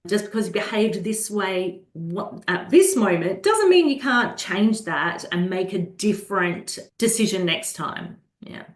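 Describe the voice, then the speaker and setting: A woman who practices holistic health for children speaks as a guest in a conversational interview, calm and earnest, slowing down when she acts out soothing a child. Her voice is medium-pitched, and the space has a roomy echo.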